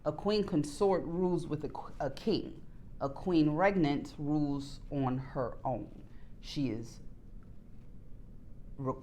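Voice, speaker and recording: Animated, cursing woman reading tarot cards. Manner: candid, swears freely, bursts into laughs; animated, jumps between soft low asides and loud excited exclamations. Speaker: tarot reader. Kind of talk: casual tarot reading to camera.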